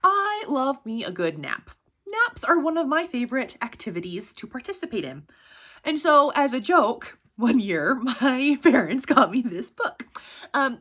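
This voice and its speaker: A woman's voice: high-pitched, pushed and bright. Bubbly woman recommending picture books. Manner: bubbly, laughs often between sentences. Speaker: picture book reviewer. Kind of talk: casual book recommendations.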